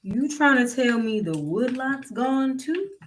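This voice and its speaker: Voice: sits high, very animated, slow, a bit bright, a little hiss or hum, pitched above the performer's own voice, exaggerated voice. A narrator doing a fretful old master. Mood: alarmed. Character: anxious old male plantation master, growing panicked.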